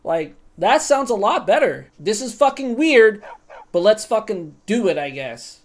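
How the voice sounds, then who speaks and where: A woman's voice: medium pitch, sing-song, measured pace. A woman streamer giving casual, profane commentary while roleplaying a video game. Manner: chatty, swears freely.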